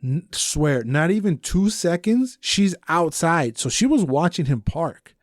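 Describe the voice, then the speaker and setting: A young man on a casual podcast, telling a story with lots of swearing and acting out the lines he shouted. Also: a little high, a little slow, no echo, clean studio sound. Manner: profane animated storytelling, acts out shouted quotes. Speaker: podcast co-host.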